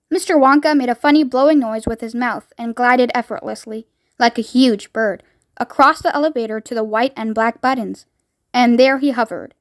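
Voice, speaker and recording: A woman reads a children's book aloud in a high, expressive voice. The sound is dry and close, with no room echo. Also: moderate pace. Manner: lively, expressive. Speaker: reader.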